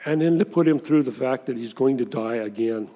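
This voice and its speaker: A man with a gravelly, mid-pitched voice preaches in an easy, conversational way, leaning dramatically into the verses he quotes. His words ring with the long reverb of a church hall. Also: brisk, mellow. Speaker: pastor. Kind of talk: sermon.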